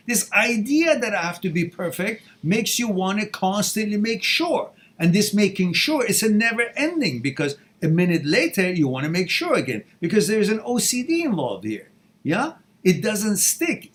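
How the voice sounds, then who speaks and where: A man hosting a live question-and-answer stream, reading out viewer messages and giving advice in an animated, goofy way. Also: a little high, slightly rough. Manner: animated and goofy, laughs at his own jokes; reads out viewer messages, then answers directly.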